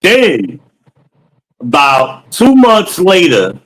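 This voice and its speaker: A man's voice: a little high, wildly swooping pitch, extremely slow, rough recording. A man casually telling a story from his sales days, slangy and loose, acting out dialogue with frequent ums.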